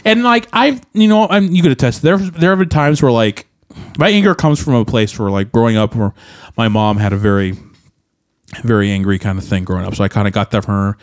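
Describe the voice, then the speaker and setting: A man's voice: mid-range voice, brisk, no room sound, studio quality. A young man talking candidly on a podcast, rambling with lots of fillers and restarts. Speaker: podcast co-host, musician. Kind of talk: candid casual chat.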